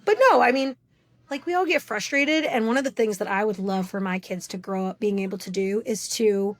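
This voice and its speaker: A woman's voice: medium pitch, brisk, no echo. A woman in her thirties, a podcast guest, talking openly and telling stories with animation. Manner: open, animated storytelling. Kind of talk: casual interview chat.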